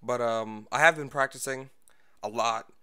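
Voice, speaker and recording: Male gaming streamer, out of breath, rambling, bright and smooth tone. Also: mid-range voice, moderate pace. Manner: rambling, lots of fillers, self-deprecating. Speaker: gaming livestreamer. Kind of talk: casual gameplay livestream talk.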